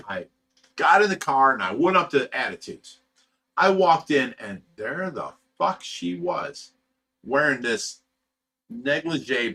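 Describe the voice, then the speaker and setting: A man's voice: medium pitch, bright, forceful tone. A man hosting a livestream, telling a personal story in a blunt, profane, rambling way with many restarts. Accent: Ohio. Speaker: livestream host of a fish rescue channel.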